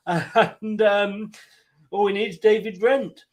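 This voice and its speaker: A man with a notably high voice commentates a live football match for fellow fans. He is excitable and quick to laugh. His delivery is casual and chatty. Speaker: watchalong host.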